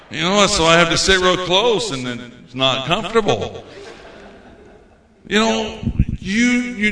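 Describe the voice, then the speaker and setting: A man preaching with fervor in a folksy, repetitive way. His voice is bright and forceful. It rings out through a roomy church hall. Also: sits high, slight background noise. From United States. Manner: folksy, repeats phrases, fervent. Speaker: visiting preacher. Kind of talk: sermon.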